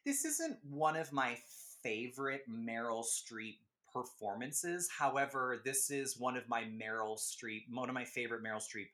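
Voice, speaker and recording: A man hosting a casual film podcast, with a bright, forceful voice. He talks in quick emphatic bursts, laughs often and throws in asides. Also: mid-range voice, lively intonation. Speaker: podcast host.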